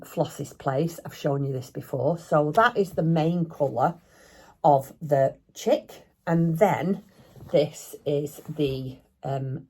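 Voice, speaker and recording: Older woman, low and mellow, rambling chatty vlogger talking to camera at home. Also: husky. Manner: chatty, rambling, self-deprecating. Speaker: craft vlogger. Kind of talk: casual chat. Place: home craft room.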